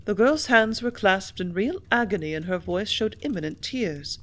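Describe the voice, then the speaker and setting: A woman narrating an audiobook in a steady, even storytelling manner. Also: mid-range voice, normal speed, hardly any pauses. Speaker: audiobook reader.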